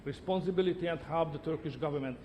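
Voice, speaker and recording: A man's voice: on the high side, quick pace, darkish tone, long reverb tail, a little hiss or hum. A middle-aged man whose first language is Hungarian, answering interview questions in emphatic short statements that repeat words. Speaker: interviewee, head of government.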